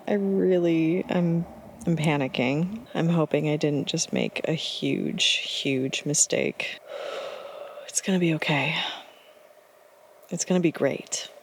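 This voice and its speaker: A young woman vlogging to camera, talking softly and anxiously, with sighs and nervous laughs. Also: low-pitched, slight background noise. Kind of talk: casual vlog to camera.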